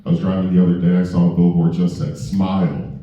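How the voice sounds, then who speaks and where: A man's voice: low voice, monotone, rapid-fire, warm tone, recorded from a distance, dull audio. Man doing stand-up in a roomy club. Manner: conversational, asks the crowd questions. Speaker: stand-up comedian. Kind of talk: stand-up comedy set. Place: comedy club stage.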